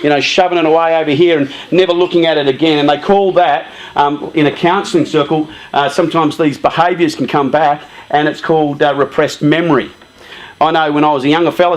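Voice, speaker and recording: Chatty man leading a youth talk. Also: fairly high pitch. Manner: lively and chatty, often saying "you know" and "um". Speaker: youth leader giving a talk. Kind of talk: casual live-streamed talk to a youth group.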